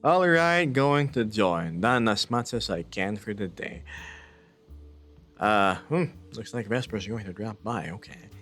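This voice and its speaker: A man's voice: lowish voice, animated, a little slow, fairly bright tone, faint music behind. Chuckling male streamer chatting casually. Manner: reads chat messages aloud and jokes about them, chuckling often. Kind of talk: casual live-stream chat.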